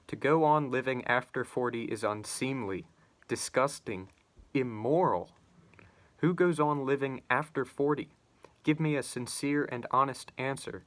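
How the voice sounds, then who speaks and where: A man reading aloud as a bitter, spiteful forty-year-old retired clerk, with emphatic, slowed declamation and sarcastic outbursts. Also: mid-range voice, a bit bright, lightly acted.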